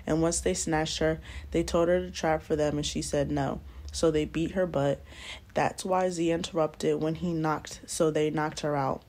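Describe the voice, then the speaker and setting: A woman's voice: low-pitched, fairly even intonation, moderate pace, darkish tone. A young woman vlogger telling a story in a casual, slangy, blunt way while doing nails on camera, recorded close to the mic.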